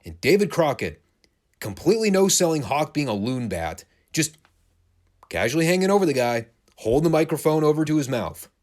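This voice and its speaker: A man giving a casual recap of old wrestling shows, animated, laughing and swearing freely. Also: fairly high pitch, brisk. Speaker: wrestling show reviewer.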